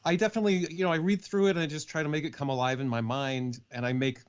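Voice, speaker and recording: A man's voice: a little high, steady tone, racing, smooth, highs cut off. A man who narrates audiobooks, chatting as a guest in an easygoing way with frequent laughs. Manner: easygoing, laughs often, many fillers. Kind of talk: casual interview chat.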